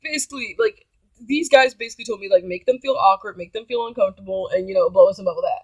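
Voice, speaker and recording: A woman's voice: mid-range voice, fast talker, a little mellow, husky, no room sound, poor audio. A woman vlogger telling a story in a casual, blunt, profane way.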